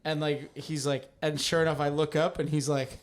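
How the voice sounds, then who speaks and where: A man co-hosting a podcast, telling stories in a quick, casual way full of "like". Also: on the high side, flat delivery, a crowd in the background. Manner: quick, filler-heavy storytelling. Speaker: podcast co-host. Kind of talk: casual chat.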